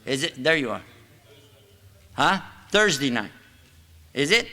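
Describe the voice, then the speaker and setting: A man's voice: a little high, sing-song, slow, bright, forceful tone. An older man from the United States giving an Islamic lecture in a mosque, a folksy, joking storyteller with casual asides. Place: mosque hall. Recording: echoey hall.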